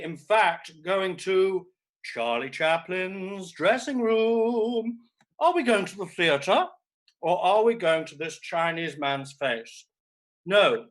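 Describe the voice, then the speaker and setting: A man's voice: high voice, a bit bright, voice pushed up, rough recording. A male comedian playing a vain, self-absorbed aging stage actress, hosting a streamed comedy show from home with camp, theatrical, sweary delivery. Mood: grandiose. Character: vain grande dame actress, middle-aged woman, theatrical and self-absorbed. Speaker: comedian host. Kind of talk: live-streamed character comedy. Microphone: laptop or streaming mic.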